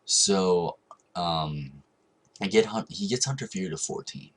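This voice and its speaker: Young male vlogger, low and husky voice, rambling and casual, lots of filler words. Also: measured pace. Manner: rambling, with frequent ums and restarts. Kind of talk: casual storytelling vlog.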